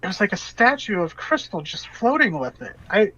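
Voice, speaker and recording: A man narrating as game master for a tabletop game, relaying a character's story in halting, restarting phrases. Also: sits high, sing-song, pushed and bright. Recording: dull lo-fi voice chat audio.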